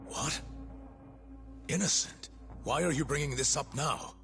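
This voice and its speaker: A man's voice: fairly low pitch, big pitch swings, unhurried. An actor playing a proud, hot-tempered male research center director in dubbed game dialogue. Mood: suspicious. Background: dramatic game music.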